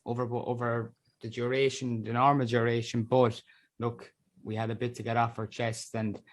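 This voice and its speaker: A man hosting a podcast, wrapping up casually with relaxed, halting speech. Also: medium pitch. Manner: relaxed, halting with repeated words. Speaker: podcast host. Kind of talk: casual chat.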